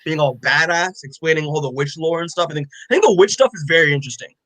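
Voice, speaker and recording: A man's voice: fairly high pitch, quick pace, fairly bright tone, dry recording, low-quality recording. A man on a podcast, recapping a comic in a loose, rambling way, full of fillers and swearing. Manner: rambling, profane, heavy with fillers. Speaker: podcast co-host. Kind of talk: casual chat recapping a comic.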